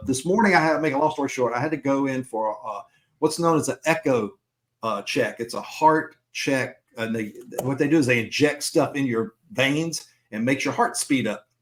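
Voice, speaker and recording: A man's voice: mid-range voice, fairly bright tone. A middle-aged man co-hosting a podcast, telling a long personal anecdote in a casual, chatty way and acting out the other people's lines. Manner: chatty anecdote-teller who acts out dialogue. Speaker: podcast co-host.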